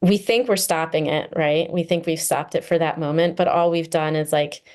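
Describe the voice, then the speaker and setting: Her voice sits low and a little mellow, with fairly level intonation, as the therapist talks on a casual podcast. She's earnest and conversational, sprinkling in fillers and short laughs.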